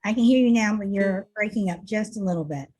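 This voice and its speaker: A woman's voice: medium pitch, a little fast, music in the background. A woman hosting an online discussion over a video call, patiently checking whether her caller can be heard.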